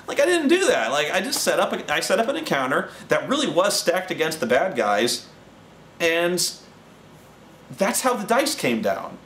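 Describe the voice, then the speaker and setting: Profane, animated storytelling man. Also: on the high side, normal speed, a little hiss or hum. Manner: animated and profane, with frequent restarts. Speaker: host and storyteller. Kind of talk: casual anecdote about tabletop games. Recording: roomy echoing room.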